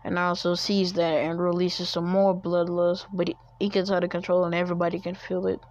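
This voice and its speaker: A woman's voice: lowish voice, flat delivery, fairly quick, darkish tone, no echo. A woman casually improvising a fan story, rambling and correcting herself as she goes. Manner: rambling, with restarts and self-corrections. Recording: dull lo-fi recording.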